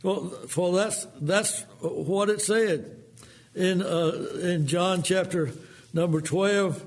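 A man preaching a sermon in a folksy manner, acting out quotes in a lower voice. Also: takes it slowly.

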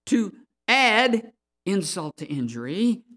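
A man preaching a sermon and reading scripture aloud, slow and emphatic, rising in force on key words. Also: high-pitched, very animated, fairly bright tone.

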